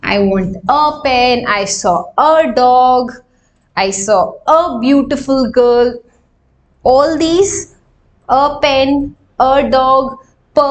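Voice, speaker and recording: Running a live online grammar lesson, this young Indian English speaker explains things slowly and throws rhetorical questions at her students. She has a high voice.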